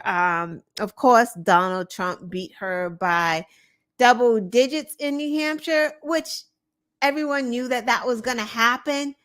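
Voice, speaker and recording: A woman's voice: medium pitch, a bit bright. A woman hosting a show, giving casual, sarcastic political commentary with lots of filler words. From United States. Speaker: show host.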